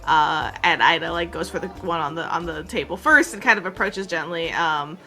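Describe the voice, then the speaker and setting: A woman running a tabletop game, describing scenes in a loose, rambling way full of "like" and "um". Her voice is bright and forward, at an ordinary pitch, with faint background music. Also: normal speed. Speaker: game master.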